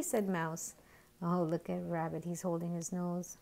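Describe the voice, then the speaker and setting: A woman educator reading a picture book aloud to young children, gently pointing out the pictures. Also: fairly low pitch, flat delivery, normal speed, vocal fry. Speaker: early years educator.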